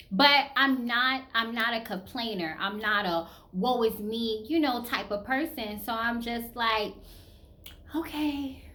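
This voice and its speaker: A woman's voice: fairly high pitch, bright, forceful tone. Chatty Southern woman in her thirties. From American South. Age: 30s. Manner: candid, chatty, full of fillers like "you know" and "like". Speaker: vlogger. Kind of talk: casual personal chat to camera.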